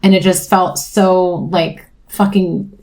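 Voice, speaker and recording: A woman's voice: lowish voice, little pitch movement, slow, darkish tone. Rambling woman with a tender, swearing delivery. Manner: rambling, emotional, swears freely, frequent "like" fillers. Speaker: tarot reader. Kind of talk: casual spiritual chat.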